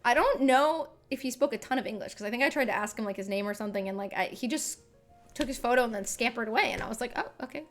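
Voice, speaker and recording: Brief: young female singer chatting to viewers at a desk mic, loose and rambly, slightly high voice. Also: fast, soft background music. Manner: rambling, chatty, heavy filler words. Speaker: singer and streamer. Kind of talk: casual chat on a live stream. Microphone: desk microphone.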